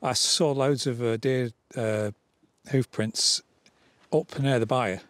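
A man's voice: mid-range voice, steady tone, takes it slowly, no room sound. A man co-hosting a vlog outdoors in the snow, joking and laughing as he talks. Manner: jokey, laughs often, restarts sentences. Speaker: vlog co-host. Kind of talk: casual outdoor chat.

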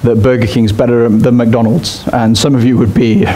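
A man's voice: mid-range voice, fairly even intonation, moderate pace, dark tone, slight background noise. A man preaching a sermon in a church, speaking directly and emphatically to his congregation. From Australia. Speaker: pastor.

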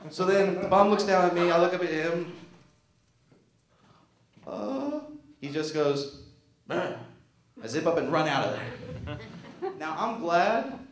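A young man doing a self-mocking stand-up comedy set on a small theater stage. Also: on the high side. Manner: animated, self-mocking, jumps into silly voices. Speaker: stand-up comic. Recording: roomy stage sound.

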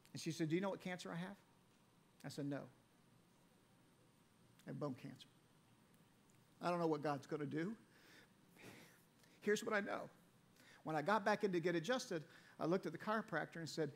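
A male pastor preaching a sermon in a church, telling a personal story and then dropping his voice to read scripture quietly. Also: high voice. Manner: storytelling preacher, swings between loud emphasis and quiet scripture reading. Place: church sanctuary.

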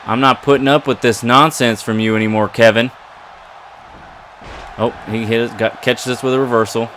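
A man commentating his own wrestling video game play, excitable and trash-talking his opponent. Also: medium pitch, moderate pace, a little hiss or hum. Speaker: gaming commentator.

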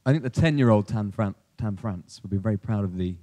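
A man interviewing a guest on stage, speaking warmly and with compliments. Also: on the low side, a little fast. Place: stage before an audience.

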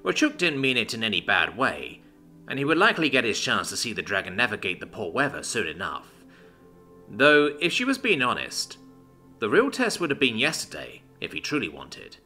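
Male storyteller, very animated delivery, soft music bed. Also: medium pitch, normal speed. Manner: expressive storytelling. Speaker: narrator. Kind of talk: scripted narration.

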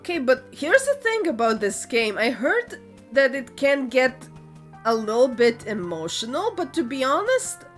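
Her voice is a little high and a bit bright. She's a woman making gaming videos, narrating a let's play as she goes, tentative, thinking out loud, and frequently correcting herself.

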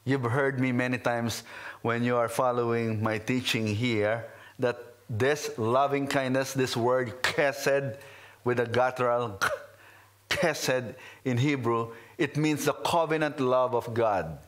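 A pastor with a first language other than English, preaching a sermon in a slow, earnest, reflective way with many pauses. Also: male voice, mid-range voice, fairly even intonation. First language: not English. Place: in his car.

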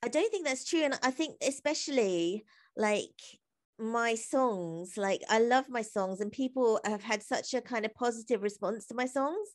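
A woman with a fairly high voice chats as a podcast guest. She talks in a loose, animated way, packing her sentences with "like", and breaks into laughter often. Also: normal speed. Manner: chatty and animated, laughs often, many "like" fillers. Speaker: guest, comedy writer and singer. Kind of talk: casual interview conversation.

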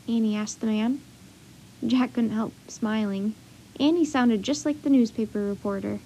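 Breathy, high-voiced woman storyteller. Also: moderate pace, warm tone. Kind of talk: children's book read-aloud.

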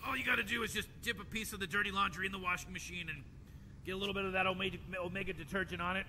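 Fast, bright, smug old scientist in a game, rambling offhand, reverberant. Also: male voice, sits high, fairly even intonation, a little hiss or hum. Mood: instructing. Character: old male mad scientist, smug and scheming. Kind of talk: video game character dialogue.

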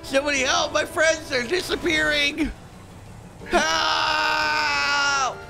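Squeaky panicky man, gravelly. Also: level tone, slow, music in the background. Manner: panicky, high squeaky character voice, frequent yelling. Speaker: roleplay streamer voicing his character. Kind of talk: GTA roleplay in character.

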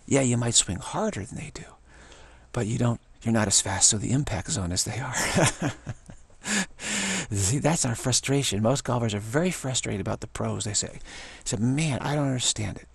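A man talking in a loose, rambling monologue, repeating himself and restarting words, getting animated when excited. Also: medium pitch, normal speed, vocal fry, breathy edge, no echo.

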